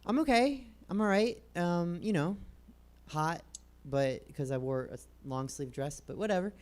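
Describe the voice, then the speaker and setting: A woman hosts a talk show over a video call with a notably low-pitched voice. She keeps the chat friendly and relaxed, introducing guests and making easy conversation. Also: measured pace. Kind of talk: casual interview chat.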